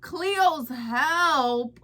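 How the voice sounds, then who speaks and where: A woman's voice: high-pitched, extremely slow, bright, forceful tone, slight background noise. A woman giving reaction commentary, incredulous and repeating herself as she talks it through. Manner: incredulous, repetitive, laughing asides.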